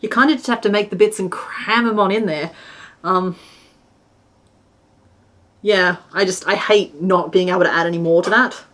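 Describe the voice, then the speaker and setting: Crocheting on a live stream, this woman rambles casually between restarts, murmuring stitch counts half to herself. Her medium-pitched voice is a bit bright, moves at normal speed, and leaves long pauses; she's a streamer who also designs patterns.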